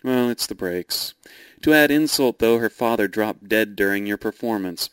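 A man playing a scheming young knight, speaking in a brisk, lively, matter-of-fact way. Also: lowish voice, smooth, dry recording, close to an everyday voice. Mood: brisk, plotting.

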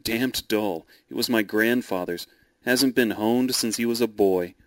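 Knight read by a man: breezy, sardonic schemer, slightly low voice, dry close sound. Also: a little slow, no room sound, lightly acted. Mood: brisk, plotting.

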